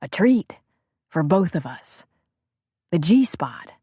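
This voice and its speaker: A woman reading the part of a tender, confident male lover in an audiobook, with soft, intimate delivery. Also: on the low side, sing-song, slow, slightly rough, no echo, studio quality, heavily acted.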